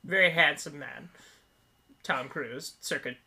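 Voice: mid-range voice, slow pace, a crowd in the background. A person in their twenties co-hosting a casual movie-review podcast, rambling into tangents and laughing often. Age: 20s. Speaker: podcast co-host.

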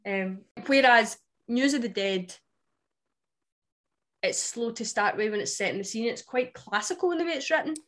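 A woman's voice: a little high, moderate pace. Chatty Scottish woman podcast co-host. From Scotland. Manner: chatty, wry and animated. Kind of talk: casual chat.

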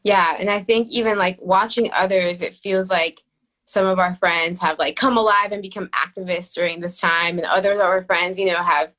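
A woman's voice: lowish voice, steady tone, moderate pace, bright, forceful tone. A woman co-hosting a casual faith podcast, talking reflectively with many fillers. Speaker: podcast co-host.

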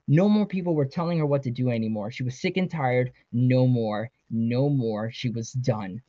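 A man's voice: medium pitch, normal speed, few pauses, warm tone, dry recording. A man, a guest author, reading his novel aloud earnestly with small stumbles. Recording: dry, slightly dull sound.

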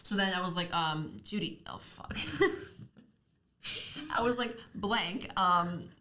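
A woman's voice: fairly low pitch, expressive, slow pace, bright, forceful tone. A young woman in her twenties co-hosting a casual podcast, blunt and swearing freely as she tells stories. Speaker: podcast co-host. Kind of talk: casual chat.

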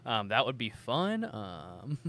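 A man's voice: medium pitch, huge pitch swings, slow, pushed and bright. A man hosting a casual podcast chat. He rambles along with plenty of ums. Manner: chatty, rambling, many ums. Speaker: podcast host.

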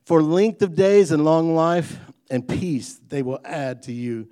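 A man's voice: a little high, expressive, slow pace, dark tone. A man preaching a sermon in a folksy, conversational way, mixing jokes into his points and building emphasis on key lines. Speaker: pastor.

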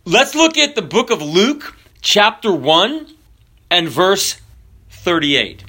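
A man preaching a sermon with jokes and animated storytelling. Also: a little high. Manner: animated, jokey storytelling with drawn-out emphasis.

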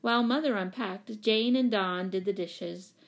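A woman reading a children's novel aloud in a calm, even storytelling voice. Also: medium pitch, unhurried. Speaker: audiobook reader.

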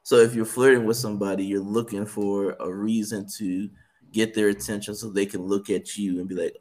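A man's voice: fairly low pitch, flat delivery, brisk, a little mellow. A man co-hosting a casual podcast chat, laying out his reasoning in an earnest, step-by-step way. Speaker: podcast co-host.

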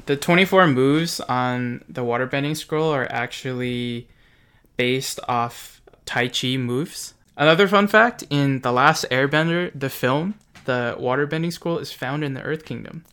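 Young guy on a podcast dropping trivia, bright crisp voice. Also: medium pitch. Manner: shares trivia in a measured, explanatory way. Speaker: podcast co-host. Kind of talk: casual fun-fact chat.

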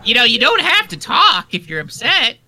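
A man's voice: extremely high pitch, huge pitch swings, normal speed, bright, forceful tone. A man co-hosting a podcast, teasing the others in a dry, mock-serious way. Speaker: podcast co-host. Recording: audible background noise.

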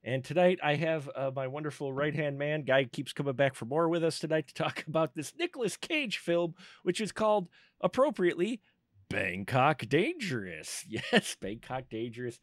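A man hosting a casual movie podcast, chatty and quick to laugh. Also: on the high side, no room sound, studio quality. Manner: laughs often, animated and chatty. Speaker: podcast host.

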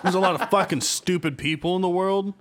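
A man's voice: high-pitched, steady tone, fairly quick, fairly bright tone. A man chatting crudely and casually as a podcast co-host, hesitant and swearing a lot.

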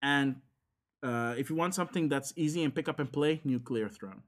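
A man's voice: medium pitch, moderate pace. Rambling man. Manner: rambling with many fillers and restarts. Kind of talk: casual chat about games.

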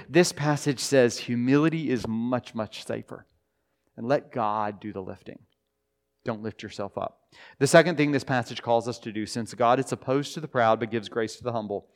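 A man preaching a sermon to his church in a relaxed, conversational way. His voice sits at a middling pitch, and he slows down to stress key lines and often trips over restarts. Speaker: pastor. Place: church sanctuary.

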